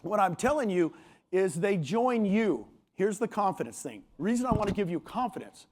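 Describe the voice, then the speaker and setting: A man, a motivational speaker at a real estate conference, giving an energetic stage talk with punchy, emphatic delivery. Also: high-pitched, normal speed. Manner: punchy and emphatic, often quoting others in a raised voice. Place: large conference hall.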